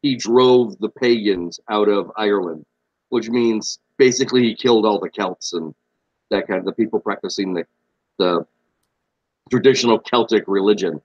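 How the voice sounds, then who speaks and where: A man's voice: fairly low pitch, normal speed, husky, no echo, dull audio. A young man co-hosting a podcast, laid-back and blunt, swearing freely in casual chat. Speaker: podcast co-host.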